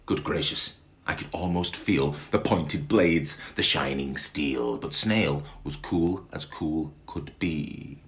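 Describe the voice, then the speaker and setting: A man reading a rhyming story aloud in a dramatic, animated way, chuckling along with it. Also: rumbling low, slow.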